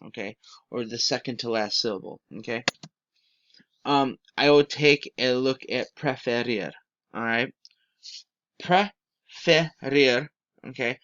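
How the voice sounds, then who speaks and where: Male teacher, patient, keeps checking in, mid pitch, dull lo-fi recording. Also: fairly bright tone. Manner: patient, repeats okay to check understanding. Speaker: Spanish teacher. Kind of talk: recorded slide lesson. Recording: dull lo-fi sound.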